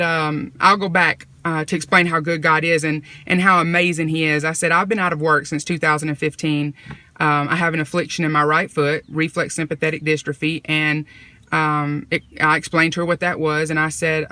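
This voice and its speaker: A woman's voice: sits low, little pitch movement, a little fast, bright, forceful tone, no echo. A woman casually sharing a faith testimony, retelling a conversation with lots of "I said". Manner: conversational, retelling dialogue with repeated "I said". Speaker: vlogger sharing a personal testimony.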